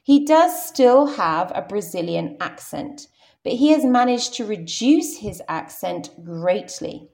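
A woman's voice: fairly low pitch, creaky, a little mellow. A young adult woman with a modern received pronunciation British accent, teaching English in a careful, explanatory lesson. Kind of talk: scripted podcast lesson.

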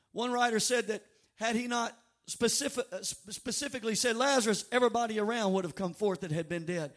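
Man preaching, very high voice, shouts and sung stretches, sermon to a congregation. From North Louisiana. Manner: dynamic preaching, bursts of shouting and drawn-out sung phrases. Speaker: pastor. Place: church sanctuary before a congregation.

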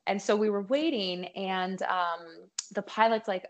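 A woman's voice: mid-range voice, a little slow, hardly any pauses. A woman, a singer guest on a podcast, telling a long story in casual chat with many fillers. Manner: chatty, lots of fillers and likes.

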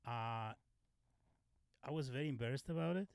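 A man who is a podcast guest, telling personal stories in casual chat, halting and restarting often. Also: medium pitch, creaky, clear, resonant tone, no echo. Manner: halting, many fillers and restarts, frank.

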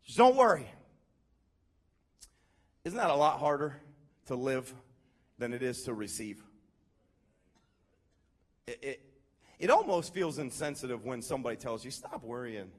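A male pastor preaching a sermon in a conversational, animated way, calling out questions to his congregation. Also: medium pitch, a little slow, pauses often.

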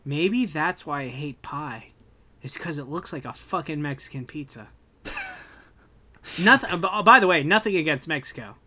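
A young man in casual podcast chat, animated and ranting, swearing freely as he rants. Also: fairly high pitch, a little slow. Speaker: podcast co-host.

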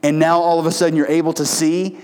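A man voicing a calm, patient Jesus who speaks gently and reassuringly to two men, in a slow and slightly lower tone. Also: smooth, close to an everyday voice. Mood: gentle.

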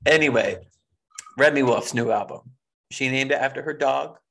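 A man's voice: medium pitch, moderate pace, creaky, fairly bright tone. A man co-hosting a podcast in casual chat, playful and chatty, laughing often. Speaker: podcast co-host.

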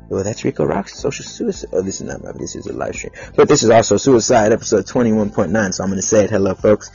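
A man's voice: on the low side, animated, fast, creaky, hardly any pauses, darkish tone, highs cut off, soft background music. A man hosting his own podcast livestream, rambling in a profane, self-aggrandizing way. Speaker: podcast host.

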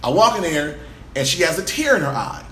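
A man on a podcast, telling a story in an animated, profane way and laughing as he goes. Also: a little high, brisk, roomy sound, a little hiss or hum. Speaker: podcast guest. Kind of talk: storytelling, casual chat.

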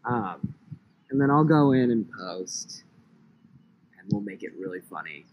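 A man's voice: on the low side, lively intonation, a little slow, lo-fi sound, a little hiss or hum. A man hosting a podcast in casual, joking chat, outdoors in a park. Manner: laid-back, joking. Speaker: podcast host. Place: outdoors in a park, on a grassy slope.

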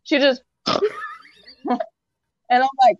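Young woman, casual chat, excitable and profane; high, bouncy pitch; dull lo-fi dry recording. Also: slow pace, no room sound. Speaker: co-host. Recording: dull, slightly lo-fi dry sound.

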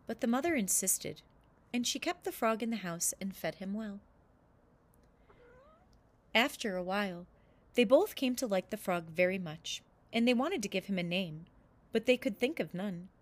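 A woman reading a children's story aloud with expressive narration. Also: medium pitch, moderate pace, pauses often.

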